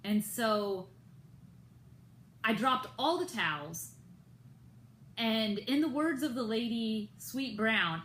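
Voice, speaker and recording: A woman's voice: on the high side, lively intonation, takes it slowly, pauses often, a bit bright, reverberant, a little hiss or hum, poor audio. An American woman telling a personal story in a vlog, retelling it with indignation and acting out others' lines in raised voices. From United States. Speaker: vlogger.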